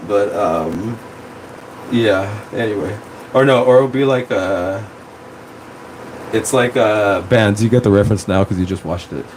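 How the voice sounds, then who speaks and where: A man hosting a casual livestream, talking into his phone in a rambling, excitable way with plenty of swearing. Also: on the low side, measured pace, long pauses, slight background noise, poor audio. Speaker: streamer.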